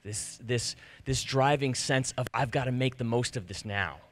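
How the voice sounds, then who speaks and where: A man in his thirties telling a personal story to a live audience, animated and self-deprecating, acting out the conversations he recounts. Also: mid-range voice, normal speed. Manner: animated, self-deprecating, acts out quoted exchanges. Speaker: speaker giving a personal talk. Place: stage before an audience.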